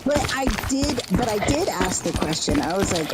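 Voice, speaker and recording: A speaker chatting casually on a stream, reflective and quick to laugh. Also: medium pitch, sing-song, very noisy. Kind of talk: casual chat.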